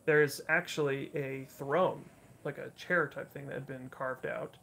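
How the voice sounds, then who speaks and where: A man running a tabletop game as dungeon master, describing scenes with many pauses and fillers. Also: medium pitch, steady tone, creaky, bright, forceful tone, slight background noise. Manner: halting, filler-heavy descriptive narration. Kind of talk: narrating a tabletop game livestream.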